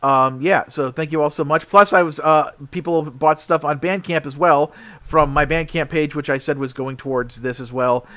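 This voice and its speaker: A man's voice: fairly high pitch, normal speed, a bit bright. Sleepy, rambling man co-hosting. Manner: rambling, chatty, filler-heavy. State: sleepy, yawning. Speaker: podcast co-host. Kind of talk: casual podcast chat.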